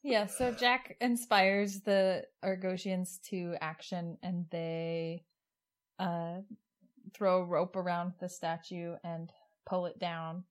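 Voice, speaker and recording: A woman's voice: on the low side, level tone, slow pace. A woman co-hosting a podcast, earnestly retelling an episode's plot in a casual chat. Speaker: podcast co-host.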